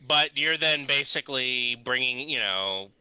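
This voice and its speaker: Bright-voiced man running a tabletop game. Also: medium pitch, a little slow, smooth, no room sound, rough recording. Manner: relaxed, chuckling, rambling narration with fillers. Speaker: game master. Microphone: desk mic on a live stream.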